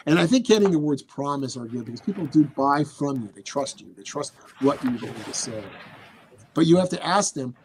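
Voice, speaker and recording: A man's voice: medium pitch, normal speed, slightly rough. A man speaking as a podcast guest, telling motivational stories in an earnest, emphatic way and repeating key phrases. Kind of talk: motivational storytelling.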